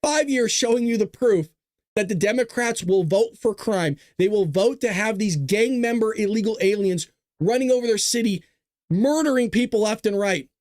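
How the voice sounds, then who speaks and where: A man's voice: high voice, normal speed, darkish tone, no echo, clean studio sound. A male host giving sarcastic, ranting political commentary straight to his viewers. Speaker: show host.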